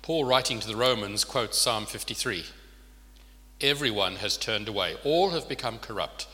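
A man's voice: on the low side, expressive, normal speed, bright, forceful tone. Man preaching in an echoing hall. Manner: earnest, asks the listeners rhetorical questions. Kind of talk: sermon. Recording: long reverb of a large hall.

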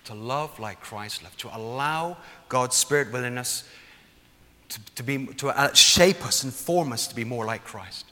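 A man preaching a sermon in a church, passionate, repeating words in quick bursts and dropping to a hush at times. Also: mid-range voice, big-room sound.

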